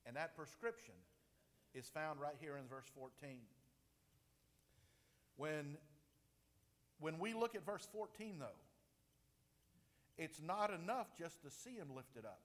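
A man preaching a sermon, emphatic, with his voice swinging from loud, high peaks to low, quiet drops. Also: animated, takes it slowly, pauses often. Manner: emphatic, rises and falls sharply in pitch and loudness. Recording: long reverb of a large hall.

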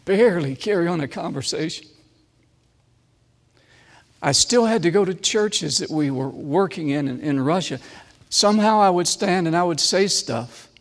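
A man's voice: a little high, animated. Preacher man in a reverberant hall. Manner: dramatic swings from loud emphasis to hushed near-whisper; slow, deliberate, repeated phrases. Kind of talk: sermon with personal testimony.

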